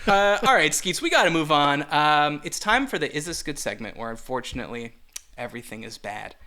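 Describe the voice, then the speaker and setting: Animated, bright-voiced man co-hosting a comedy podcast. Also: a little high, fairly quick. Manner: animated, jokey, with sudden loud bursts. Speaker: podcast co-host. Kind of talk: casual comedic chat.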